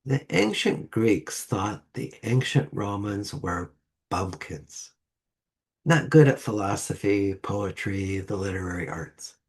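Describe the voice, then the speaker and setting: A man delivering a sermon to a congregation with a slow, measured delivery and deliberate pauses. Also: fairly low pitch, lively intonation, breathy edge. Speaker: lay speaker. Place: church sanctuary.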